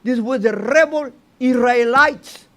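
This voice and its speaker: Slow talking rabbi guy, kinda high voice, casual torah class, lots of restarts and "you know?". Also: fairly bright tone. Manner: halting, restarts phrases, often asks "you know?". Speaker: rabbi teaching the weekly Torah portion. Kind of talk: informal Torah lesson.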